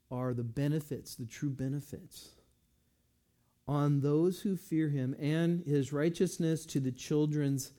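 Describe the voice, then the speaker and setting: A man preaching a sermon, talking in a relaxed, conversational way and reading scripture slowly. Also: on the high side. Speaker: pastor.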